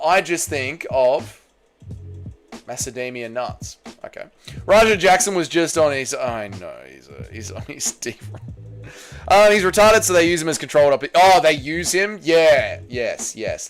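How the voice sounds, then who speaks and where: A man hosting a casual livestream, reading chat messages and answering in a blunt, jokey way. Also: medium pitch. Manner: blunt, jokey, bouncy delivery. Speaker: livestream host.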